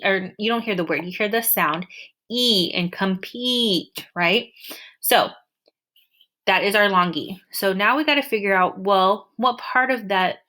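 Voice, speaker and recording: Bright-voiced woman teaching a lesson. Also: medium pitch. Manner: patient, explanatory, stretches out example words. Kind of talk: screen-recorded lesson walkthrough.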